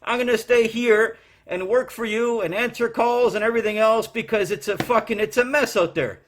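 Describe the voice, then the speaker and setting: A man doing a brash, swearing, middle-aged courier clerk, ranting in a high, strained voice. Recorded at home, he complains nonstop and curses his way through calls. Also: normal speed, slight background noise, lightly acted. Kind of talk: comedy character monologue.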